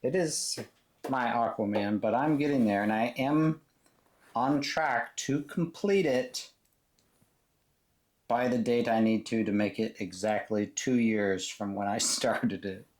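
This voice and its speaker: A man chats with his partner while they craft. He sounds relaxed and agreeable, and often keeps his replies short. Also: mid-range voice, slow pace. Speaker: co-host, partner of the host. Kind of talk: casual chat while crafting.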